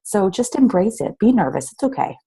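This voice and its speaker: A woman with a low, gravelly voice that has a husky, dark edge. She talks frankly and encouragingly on a casual team call, often filling gaps with "like" and "um". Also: sing-song, a little fast. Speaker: fitness coach on a team call.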